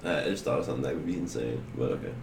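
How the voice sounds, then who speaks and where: A man's voice: very deep voice, racing, vocal fry, reverberant, background noise. A man co-hosting a podcast in casual chat, rambling with lots of "like" and "you know what I mean.". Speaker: podcast co-host.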